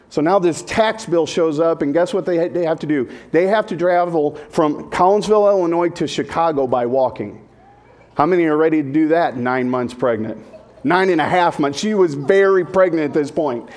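A man's voice: on the high side, moderate pace, a little mellow. A male pastor giving a humorous sermon, talking in a jokey, conversational way and putting questions to the congregation.

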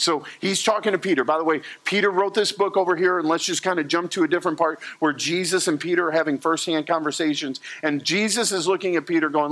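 A middle-aged male pastor delivering a sermon with a fairly high voice. He preaches in an animated, joking way, acting out little quotes as he goes. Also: moderate pace. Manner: humorous, animated storytelling with acted-out quotes.

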